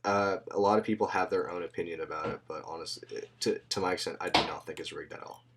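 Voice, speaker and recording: A man's voice: low voice, fast, a bit bright, a little hiss or hum. A man hosting a podcast in loose, slangy casual chat, swearing freely and laughing often. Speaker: podcast host.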